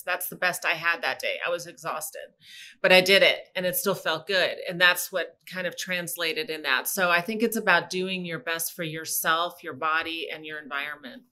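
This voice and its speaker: A woman guest speaking in a relaxed interview, earnest and reflective about pushing herself. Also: on the low side, normal speed. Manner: earnest, reflective, talks about self-discipline. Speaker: podcast guest. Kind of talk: casual conversation.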